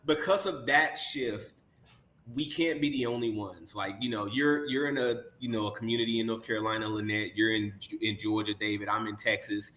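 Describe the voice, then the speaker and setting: A man's voice: fairly low pitch, moderate pace, pushed and bright, a little hiss or hum. A man co-hosting a podcast, speaking earnestly and casually with frequent "you know"s. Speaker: podcast co-host. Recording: echoey room.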